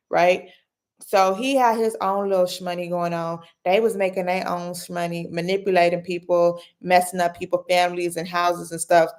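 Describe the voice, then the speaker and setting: Woman, casual commentary host, chatty, slangy, animated storyteller. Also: medium pitch. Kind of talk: casual late-night commentary.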